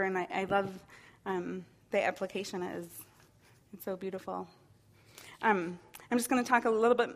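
A woman leads a church small-group lesson, reflective and gently encouraging. She often restarts her sentences as she thinks aloud. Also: medium pitch. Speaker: women's ministry teacher.

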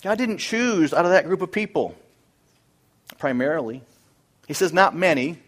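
A man with a fairly high-pitched voice preaching a sermon. He works through a passage verse by verse, delivering it emphatically and repeating his key phrases. At times he grows louder to drive a point home. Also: expressive, moderate pace. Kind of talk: expository sermon.

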